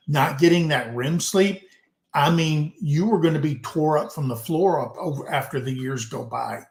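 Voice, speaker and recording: A man's voice: fairly high pitch, echoey room. A man in his fifties hosting a casual livestream, rambling in a folksy way and often adding "okay" and "guys". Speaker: livestream host, veteran.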